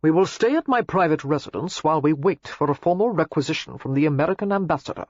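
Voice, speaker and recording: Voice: mid-range voice, animated, fast, a little mellow, dry recording, highs cut off, natural voice. A narrator voicing an arrogant, commanding English earl in an audiobook, speaking curtly and with authority. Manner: curt and authoritative. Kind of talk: audiobook character reading.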